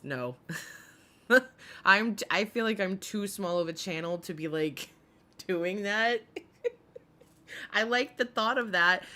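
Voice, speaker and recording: Chatty, low-pitched woman streamer. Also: fairly bright tone. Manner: chatty, swears freely, greets chat by name. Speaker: commentary streamer. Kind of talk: casual commentary stream.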